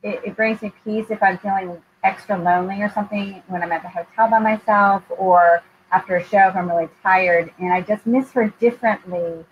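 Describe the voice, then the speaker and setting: A woman's voice: mid-range voice, fairly even intonation, fairly quick, hardly any pauses. Woman host, candid and emotional, hesitant with fillers; muffled recording, faint noise. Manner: candid and heartfelt, with frequent ums. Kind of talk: live interview chat. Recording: dull lo-fi sound with faint noise.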